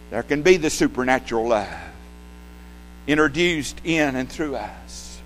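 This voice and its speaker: Older man, preacher, sermon, slightly high voice, faint electrical hum, loud-to-hushed delivery, repeated questions. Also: poor audio. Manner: asks the congregation repeated questions.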